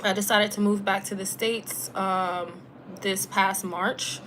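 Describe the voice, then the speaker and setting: A young woman talks in a loose, chatty way on a live stream. Her voice sits at an ordinary middle pitch and stays easygoing, with plenty of "like" and casual slang. A faint hiss of background noise runs under her voice. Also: slow. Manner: relaxed and chatty, heavy use of "like" with slang. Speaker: travel vlogger and former teacher.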